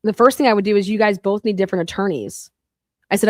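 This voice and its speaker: A woman in the middle of an angry, profanity-laced rant, her voice sitting at an ordinary pitch. She talks as a podcast host, heated and relentless. The recording is close and dry, with no room around her. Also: quick pace, darkish tone, dry recording. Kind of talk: angry monologue.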